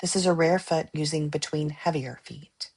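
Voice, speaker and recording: A woman reading study-guide definitions aloud in a measured, list-like way, pausing between terms. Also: deep voice, a little mellow, husky.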